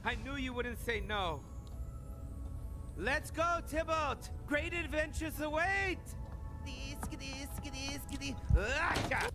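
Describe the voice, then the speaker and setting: A man voicing a cheerful wooden puppet boy in a dubbed animated film, eager and sing-song. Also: very high-pitched, slow pace, vocal fry, over music, heavily acted.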